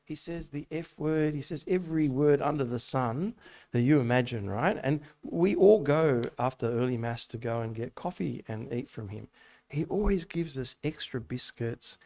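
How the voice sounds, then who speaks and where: With lively intonation and a mid-range, a little mellow voice, a man preaches informally to a youth group in a church hall. He moves at a normal speed, telling stories and asking rhetorical questions.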